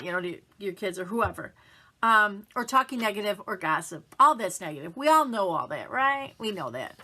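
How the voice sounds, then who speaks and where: Bright, chatty motivational woman. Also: medium pitch, animated, unhurried, slight background noise. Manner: chatty, upbeat, acts out quoted self-talk. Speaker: motivational vlogger. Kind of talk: casual motivational talk to camera.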